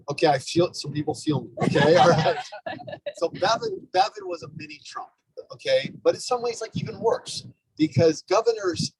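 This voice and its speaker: A man giving a lively, conversational speech to a live audience at a community organizing event, often checking in with "okay?" and "right?". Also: a little high, breathy edge, no echo, poor audio. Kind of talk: energetic storytelling speech.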